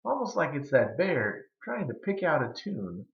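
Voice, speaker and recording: A man telling a folk tale, drawling and dramatic, with hushed pauses. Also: fairly high pitch, sing-song, gravelly. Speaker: storyteller. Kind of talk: folksy storytelling. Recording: roomy, slightly dull recording.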